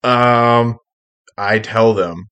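A man in casual podcast chat, telling wry deadpan stories. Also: medium pitch, drawn-out words, clear, resonant tone. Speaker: podcast co-host.

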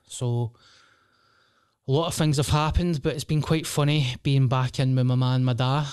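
A man's voice: medium pitch, a little mellow, clear, resonant tone, no room sound, studio quality. Sweary Scottish man rambling on a podcast. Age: 30s. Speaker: comedian and podcast host. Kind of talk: casual solo podcast monologue.

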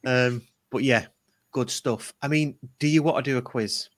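Man, podcast host, casual football chat, rambling, mid pitch. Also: fairly even intonation, moderate pace, fairly bright tone. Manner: rambling, restarts often, chuckles.

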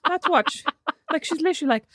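Woman, casual chat, teasing, quick interjections, rapid pace, dry sound. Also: high-pitched, expressive, fairly bright tone, dry recording.

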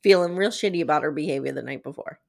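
A woman co-hosting a casual recap podcast, retelling scenes and quoting lines with quick asides. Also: low-pitched, vocal fry. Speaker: podcast co-host.

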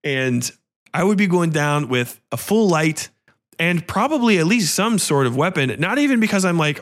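A man hosting a podcast, retelling a horror film in a casual, profane, animated way. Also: fairly high pitch, moderate pace. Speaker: podcast host. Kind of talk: casual film review chat.

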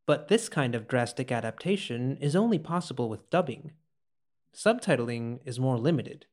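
A man hosting a podcast, narrating from a script in a clear, explanatory way. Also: mid-range voice, expressive, moderate pace, darkish tone. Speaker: podcast host.

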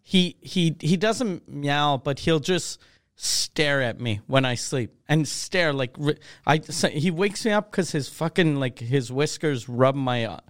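A man's voice: on the high side, animated, unhurried, no echo, clean studio sound. A man co-hosting a comedy podcast, laid-back, riffing jokes and asides in casual chat. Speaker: podcast co-host.

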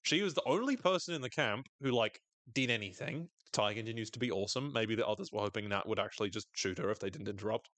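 A man's voice: on the low side, fast, few pauses, dry recording. A man co-hosting a podcast, recapping a TV episode in casual chat and acting out quoted lines in exaggerated voices. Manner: animated, jokey, acts out quoted characters in exaggerated voices. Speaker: podcast co-host.

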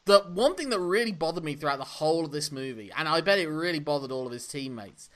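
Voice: mid-range voice, animated, fast, a bit bright. A podcast co-host, recapping a film in casual, sarcastic chat and laughing often. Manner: sarcastic, laughs often, swears in mock frustration.

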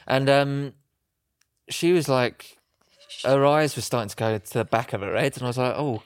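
Man telling animated stories. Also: medium pitch, moderate pace, clear, resonant tone, no echo, clean studio sound. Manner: animated storytelling, acts out voices. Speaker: podcast co-host. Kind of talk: casual chat.

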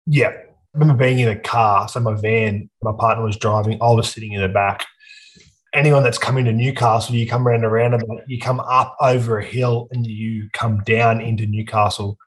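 A man's voice: fairly low pitch, fairly even intonation, fairly quick, poor audio. Sweary Australian man telling his story. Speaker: podcast guest. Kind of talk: casual conversation.

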